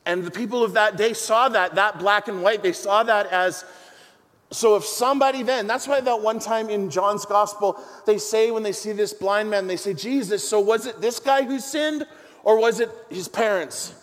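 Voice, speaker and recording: A middle-aged man with a high voice preaches to a congregation, telling stories with playful, self-mocking asides. His voice rings with the long reverb of a large hall. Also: normal speed. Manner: animated, joking storyteller with self-deprecating asides. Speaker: pastor. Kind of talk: sermon.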